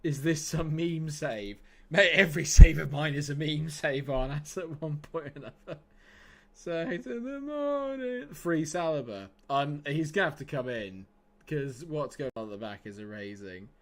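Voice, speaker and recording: A man's voice: on the high side, expressive, moderate pace. A man commenting casually on his live game stream, chatty and swearing freely as he talks to his chat.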